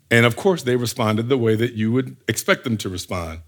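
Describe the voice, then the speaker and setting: A man's voice: medium pitch, fairly quick, hardly any pauses. A man preaching a sermon, firing rhetorical questions and acting out the scenes he describes. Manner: animated, fires rhetorical questions, acts out scenes.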